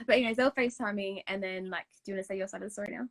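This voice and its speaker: A woman's voice: mid-range voice, rapid-fire, no room sound, low-quality recording. A young woman from Australia, co-hosting a casual chat in a rambling way. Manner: rambling, many fillers and restarts. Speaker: co-host.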